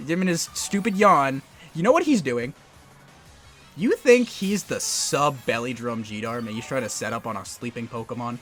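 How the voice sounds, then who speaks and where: A man's voice: medium pitch, animated, moderate pace, fairly bright tone, faint music behind. A young man giving live commentary on his own competitive game match, trash-talking his opponent between bits of strategy. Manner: musing strategy talk under his breath.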